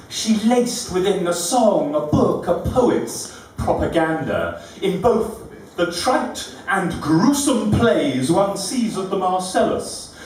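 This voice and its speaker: A man recites witty rhyming verse at a measured, unhurried pace, his high voice swooping with lively inflection. He is recorded from across a very echoey room, with faint room ambience underneath. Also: distant mic, slight background noise. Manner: rhythmic, deliberate, witty delivery. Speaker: poet performing at a live event. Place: live venue room.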